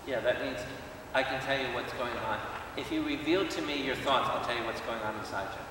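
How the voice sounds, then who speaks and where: A man, a priest, preaching a lively Bible study to a congregation, asking questions and acting out quotes. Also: mid-range voice, brisk, background noise. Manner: animated, questions the audience, acts out quotes. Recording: echoey hall, speaker far from mic.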